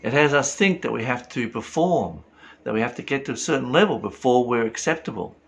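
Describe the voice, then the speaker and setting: A man delivers a reflective spiritual talk with a rough, gravelly edge to his voice. His pitch rises and falls a great deal as he poses rhetorical questions to his listeners. He speaks earnestly, like a teacher guiding them. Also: expressive, fairly quick, a bit bright.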